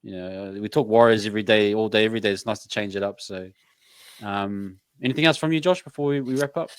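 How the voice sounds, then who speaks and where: A man's voice: lowish voice, fast, smooth, dry recording. A man hosting a casual chat show, easygoing, with many agreeing fillers. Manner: easygoing, lively intonation, frequent agreeing fillers. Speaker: host.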